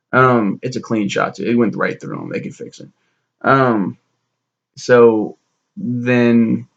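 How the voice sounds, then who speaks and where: Gravelly young man ranting a recap. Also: mid-range voice, fairly bright tone, lo-fi sound. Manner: rambling, sarcastic, swears a lot, acts out characters' lines. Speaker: show reviewer. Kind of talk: casual profane recap.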